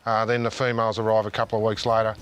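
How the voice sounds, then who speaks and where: A man's voice: lowish voice, monotone, very fast, fairly bright tone, clean tone, soft background music. A man, a local fishing expert, explaining the fish in a plain, easygoing way on a boat. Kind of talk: explaining to a host. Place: on a boat on open water.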